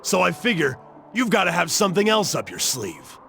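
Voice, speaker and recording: A boisterous game brawler, loud and loyal, bright gravelly voice with lively swings. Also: male voice, high-pitched, moderate pace, soft background music, heavily acted. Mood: serious. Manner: loud, cheerful, hollering. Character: burly, boisterous young man, loyal companion. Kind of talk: video game voice acting.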